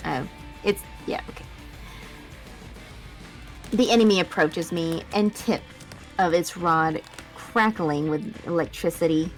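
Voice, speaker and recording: A woman's voice: fairly low pitch, slow pace, pauses often, faint music behind. A woman reading a first-person audio drama script aloud, stumbling and correcting herself with laughing asides.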